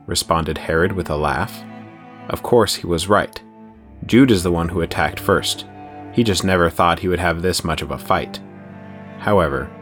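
Deep male narrator for a horror story, steady read, faint music underneath.

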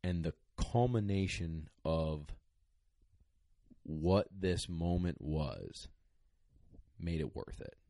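A man's voice: deep voice, slow, creaky, long pauses, no echo. A young man, a dog trainer, casually telling a podcast story in a rambling, emotional way with lots of fillers. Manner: rambling, excited, many fillers.

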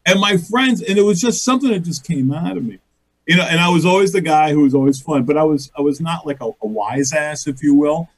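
A man's voice: a little high, a little fast, rough recording. A middle-aged man, a comedian guest, telling rambling stories in a casual interview, laughing often and acting out quotes.

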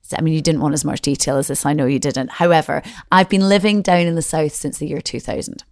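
A woman's voice: low voice, quick pace, no room sound, clean studio sound. A middle-aged woman from Scotland with a Glaswegian accent, chatting at length and a little self-deprecating as a presenter being interviewed. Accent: Glaswegian Scottish. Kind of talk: casual interview chat.

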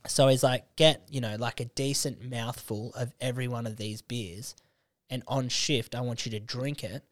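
Young Australian man, comedian guest, animated storyteller, swears, dry close sound. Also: mid-range voice, no echo. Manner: animated storyteller, swears freely, does quick character voices. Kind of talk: casual podcast chat.

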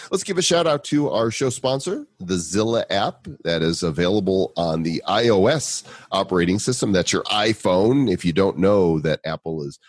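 A man's voice: deep voice, animated, normal speed, hardly any pauses, no echo. A man hosting a podcast, reading a sponsor spot and introducing a guest in a jokey, playful way. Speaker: podcast host. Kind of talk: casual podcast chat and ad read.

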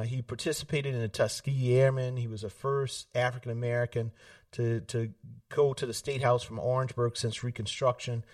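A man, telling stories in an animated way, laughing often and acting out family voices. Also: mid-range voice, dry recording, recorded from a distance. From South Carolina. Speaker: political candidate, guest. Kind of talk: casual storytelling interview. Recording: dry sound, set back from the mic.

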